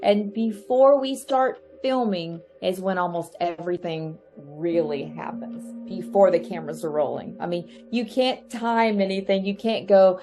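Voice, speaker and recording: Animated woman telling a ghost story. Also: measured pace, few pauses, faint music behind. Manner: lively, acts out her own reactions with sharp rises in pitch. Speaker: podcast guest, ghost hunter. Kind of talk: animated storytelling in a casual chat.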